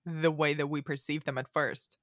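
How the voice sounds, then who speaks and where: A woman's voice: deep voice, steady tone, moderate pace, no room sound, studio quality. A woman hosting a casual podcast chat, laughing often and putting questions to her guest. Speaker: podcast host.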